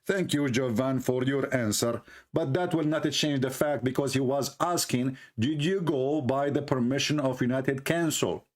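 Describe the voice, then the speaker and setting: A man giving sarcastic commentary on a video clip, speaking halting English with repeated jabs. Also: medium pitch.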